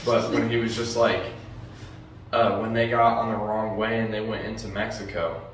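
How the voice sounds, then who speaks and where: A man's voice: on the low side, flat delivery, normal speed. A man co-hosting a podcast in casual chat, rambling through funny stories he has seen and swearing casually. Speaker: podcast co-host. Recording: echoey room, distant mic, faint noise.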